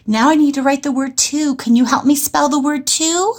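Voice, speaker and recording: In a high voice, this teacher walks early graders through a writing lesson, going slowly in a sing-song tone and lengthening her words for the little ones.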